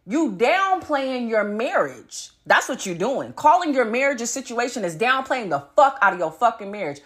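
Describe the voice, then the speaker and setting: A woman hosting a casual solo podcast, blunt and profane, laughing between points as she swings from loud emphasis to low muttering. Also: big pitch swings, normal speed. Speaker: podcast host.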